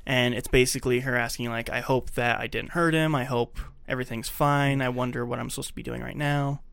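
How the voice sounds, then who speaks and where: A man's voice: mid-range voice, fairly even intonation, brisk, vocal fry, fairly bright tone, clear, resonant tone, no echo. A man co-hosting a podcast, casually retelling a movie's scenes and acting out the characters' lines. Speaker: podcast co-host. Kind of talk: casual chat, recapping a movie. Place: podcast recording setup.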